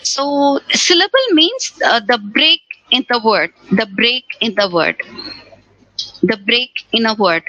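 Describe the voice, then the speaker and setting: Bright-voiced woman teaching grammar. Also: on the high side, sing-song, slow pace, no room sound, highs cut off. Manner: repeats key words, asks rhetorical questions. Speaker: English teacher. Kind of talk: exam-prep grammar lesson.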